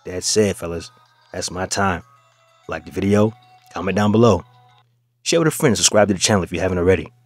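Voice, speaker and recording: Mocking low-voiced male reaction host. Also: brisk, long pauses, soft background music. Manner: mocking, addresses listeners as "fellas". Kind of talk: reaction commentary.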